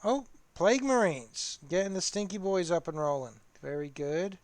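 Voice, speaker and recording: A man's voice: high-pitched, expressive, moderate pace, no echo. A man hosting a casual live-stream chat while painting models, rambling and talking to his viewers. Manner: rambling, chatty, talks to the chat.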